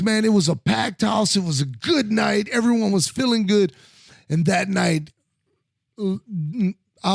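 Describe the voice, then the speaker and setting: A man, a former wrestler co-hosting a podcast, telling stories in animated, profane casual chat with lots of restarts. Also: high-pitched, gravelly, no room sound, clean studio sound.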